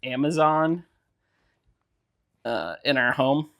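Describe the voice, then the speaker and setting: A man's voice: mid-range voice, animated, slow pace, a bit bright. A man co-hosting a casual podcast, telling a loose, rambling story full of fillers. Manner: rambling, laid-back storytelling with filler words. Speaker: podcast co-host. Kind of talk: casual chat.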